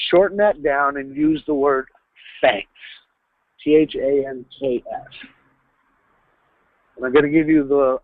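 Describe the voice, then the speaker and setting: A man's voice: a little high, no room sound. A man giving an instructive sales training talk on a webinar, stressing key words as he coaches. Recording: tinny phone-line webinar audio, dry.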